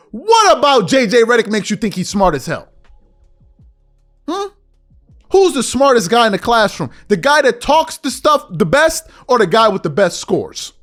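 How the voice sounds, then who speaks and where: Fired-up man ranting, lively pitch. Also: a little slow, soft background music. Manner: animated and confrontational, calling out listeners with rhetorical questions; mocks others by mimicking their speech. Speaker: podcast host. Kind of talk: heated commentary monologue.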